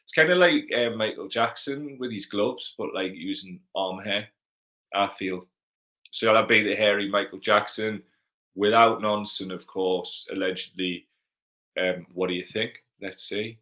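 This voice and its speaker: A man's voice: fairly low pitch, measured pace, sharp tone, poor audio. A man with a Geordie accent hosting a casual livestream Q&A, chatty and blunt, swearing freely as he reads out viewer comments. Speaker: livestream host.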